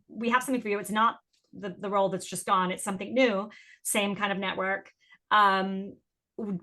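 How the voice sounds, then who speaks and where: A woman in her thirties speaks with a British accent blurred by years of American speech. Her voice is bright and forceful, and her answers come chatty and bubbly. She sounds like a guest at ease in a relaxed interview. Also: medium pitch. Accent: mixed British and American. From England. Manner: bubbly, laughs often, chatty. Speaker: actress guest.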